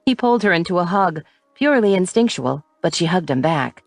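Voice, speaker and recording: A woman reads an audiobook in a low, even voice. The recording is dry and close, with soft music in the background. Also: a little fast, dry recording. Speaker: audiobook narrator. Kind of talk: scripted audiobook narration.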